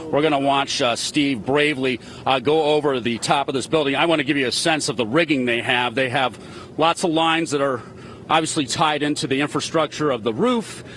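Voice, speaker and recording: A man's voice: mid-range voice, fairly quick, fairly bright tone, a little hiss or hum. A male TV news reporter doing a live field report outdoors on a hotel rooftop, upbeat and chatty with his guests.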